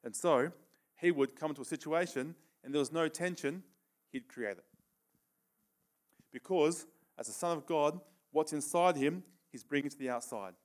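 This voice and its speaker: A middle-aged man preaches in a relaxed, conversational way, often pausing to ask "okay?" and laughing between points. He leads a live demonstration with a volunteer. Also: a little high.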